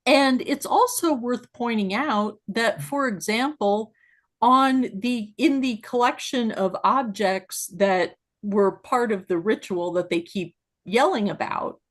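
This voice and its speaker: A woman co-hosting a casual discussion podcast, explaining at length with many fillers and growing animated when she makes a point. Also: fairly high pitch, slow. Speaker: podcast co-host.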